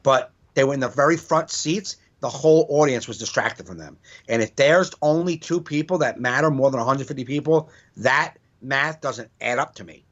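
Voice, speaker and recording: A man's voice: mid-range voice, moderate pace. A man, a stand-up comedian, telling club stories in casual, profane podcast chat. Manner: profane, animated storytelling with acted quotes. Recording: dull lo-fi podcast audio.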